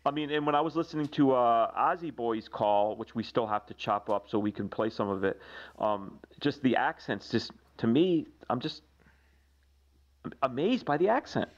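A man co-hosting a podcast in casual chat, rambling and excitable with lots of fillers and restarts. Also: mid-range voice, moderate pace. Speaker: podcast co-host. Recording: dull lo-fi sound.

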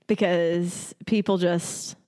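A woman's voice: on the low side, fairly even intonation, slow pace, mellow. A woman co-hosting a podcast in casual chat, blunt and sarcastic, laughing often. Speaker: podcast co-host.

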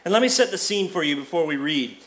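A man preaching a sermon as pastor, retelling a story with lively acted-out dialogue. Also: a little high, quick pace. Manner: animated storyteller, acts out quoted characters.

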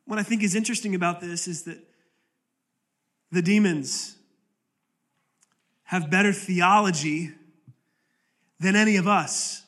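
A man preaching a sermon as pastor, passionate and dramatic, dropping to low, quiet lines for emphasis and acting out quoted pleas. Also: normal speed. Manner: impassioned preaching with sudden drops to low, quiet delivery; acts out quoted pleas with rising intensity. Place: church sanctuary.

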